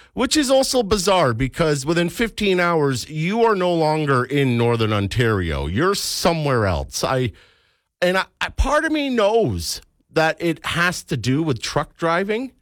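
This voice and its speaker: A man's voice: mid-range voice, no room sound, studio quality. A man hosting a casual afternoon radio show, playful and chatty. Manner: lively, playful, jumps into mock voices. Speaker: radio host.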